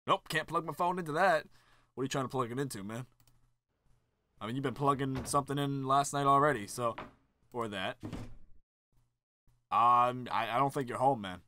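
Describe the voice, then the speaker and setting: A man joking through gameplay commentary, reading the game's lines aloud and jumping between loud outbursts and mumbled asides. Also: medium pitch, slight background noise. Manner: goofy, jokey, quick swings from loud to mumbled. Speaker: let's play commentator.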